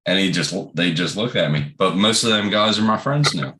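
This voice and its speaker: A man's voice: low-pitched, animated, a little fast, few pauses, pushed and bright. A man with a Southern American accent, telling blunt, profane stories in casual chat. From Southern United States.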